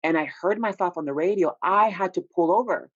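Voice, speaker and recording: A man's voice: sits high, fairly quick. A man who makes records talks openly about his career, telling stories with lots of "you know" asides. The sound is dull and lo-fi, dry with no room echo. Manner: candid storytelling with frequent "you know" asides. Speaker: independent recording artist, guest. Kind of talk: casual interview chat.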